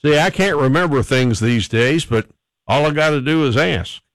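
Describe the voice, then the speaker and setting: A man's voice: fairly high pitch, expressive, normal speed, no room sound. A man hosting a radio call-in show, chatting casually in a folksy, rambling, self-deprecating way. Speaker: radio talk show host. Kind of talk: casual morning radio chat.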